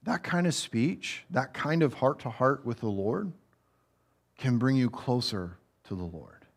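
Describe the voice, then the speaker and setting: A man's voice: mid-range voice, animated, a little slow. A man preaching a conversational, humorous sermon that builds to raised, emphatic passages.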